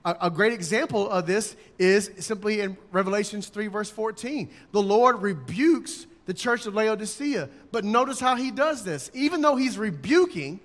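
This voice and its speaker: A male preacher with a high voice delivers a sermon emphatically, acting out his examples in raised voices. His words ring out with a long echo, as if recorded in a church hall. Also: expressive, normal speed, hardly any pauses, a bit bright.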